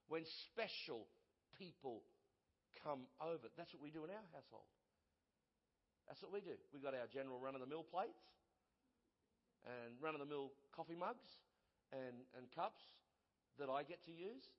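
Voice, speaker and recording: Male pastor preaching, high voice, emphatic repetition, muffled sound in a long-reverb hall. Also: animated, moderate pace, long pauses. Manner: emphatic, repeats phrases for effect. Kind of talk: sermon.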